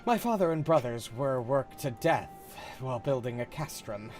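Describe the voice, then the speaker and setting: Man voicing a grim rebel fighter, earnest, mid-pitched, game dialogue. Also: expressive, normal speed, a little mellow, faint music behind, lightly acted. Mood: bitter. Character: bitter resistance fighter set on making amends. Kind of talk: reading game dialogue aloud.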